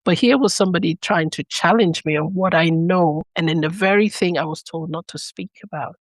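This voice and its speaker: A woman's voice: lowish voice, brisk, no echo. A woman from Leone, a podcast guest who tells her personal story earnestly. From Sierra Leone. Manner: earnest storytelling that acts out remembered dialogue.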